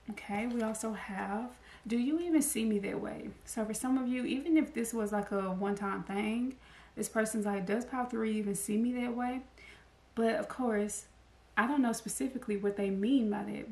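Chatty woman reading tarot, gravelly. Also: medium pitch, a little mellow. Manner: chatty, laughs often, voices the cards' messages. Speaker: tarot card reader. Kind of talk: casual tarot reading to camera. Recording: echoey room, faint noise.

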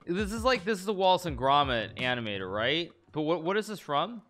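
Lively, bright-voiced man chatting casually. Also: a little high, a little fast, a little hiss or hum. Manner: chatty, self-interrupting, laughs often, reads lines aloud in a mock-romantic tone. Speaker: streamer reacting to chess memes. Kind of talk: casual live-stream commentary.

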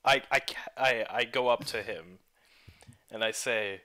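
A man's voice: medium pitch, bright, forceful tone. A man playing in a tabletop game, describing his character hesitantly. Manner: hesitant, slow. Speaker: player. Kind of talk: casual chat.

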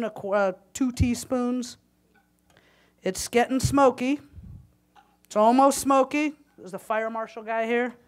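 A woman giving a live cooking demonstration at a conference, chatty and joking with the audience as she cooks, a little winded. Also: fairly high pitch. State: slightly winded. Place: conference hall kitchen stage.

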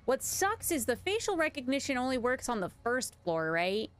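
A woman's voice: sits high, very animated, moderate pace. A young woman streaming a video game, chatting with viewers in a giggly, casual way and reading notes aloud. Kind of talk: casual live-stream commentary.

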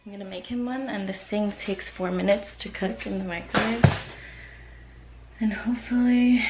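A woman's voice: medium pitch, fairly even intonation, background noise. Nervous giggly woman vlogging. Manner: nervous, giggly, talking fast about a plan; whispering quietly. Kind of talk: casual vlog chat to camera.

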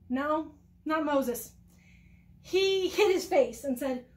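Woman children's ministry teacher, Bible storytelling, high pitched, expressive. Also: unhurried. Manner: warm, expressive storytelling with asked questions.

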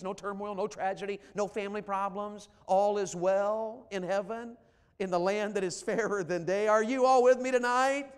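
A man preaching a revival sermon as an evangelist, swinging from shouts to hushed tones. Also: high-pitched. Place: large church sanctuary. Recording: long hall reverb in a church.

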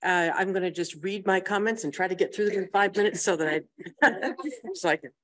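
A woman on a panel reading prepared comments in a brisk, friendly way. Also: medium pitch, a bit bright, slight background noise. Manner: brisk, friendly, shows items. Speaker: panel speaker.

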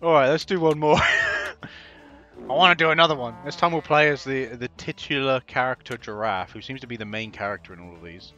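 A man giving excitable, foul-mouthed gameplay commentary as host of a gaming video. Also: medium pitch, a little fast, dull audio, soft background music. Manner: excitable, swears constantly, laughs often.

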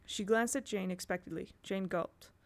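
A woman narrating a children's novel aloud at a steady, measured pace. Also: medium pitch. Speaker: audiobook reader. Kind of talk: storybook narration.

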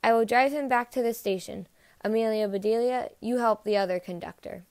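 A woman voicing a brisk, flustered school teacher in a storybook read-aloud. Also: on the high side, a little mellow, smooth, lightly acted.

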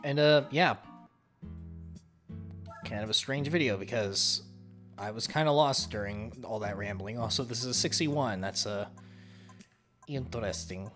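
Profane, ranting young gaming host. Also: male voice, medium pitch, unhurried, long pauses, music in the background. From Southern US. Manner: profane, ranting, self-mocking. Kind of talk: casual let's-play commentary.

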